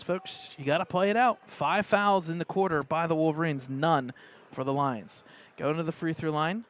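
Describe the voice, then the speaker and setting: Animated American man calling basketball. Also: normal speed, slight background noise. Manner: excitable, partisan, rising pitch on plays. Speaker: play-by-play announcer. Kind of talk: live high school basketball commentary.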